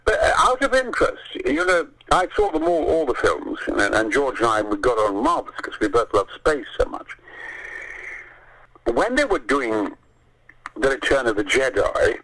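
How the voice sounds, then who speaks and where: An older man, gravelly and bright in tone. He tells show-business anecdotes with huge swings in pitch and swears freely. He acts out each character along the way. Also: big pitch swings, normal speed, rough recording. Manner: theatrical storyteller, swears often, acts out voices. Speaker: interview guest. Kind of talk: animated anecdote telling.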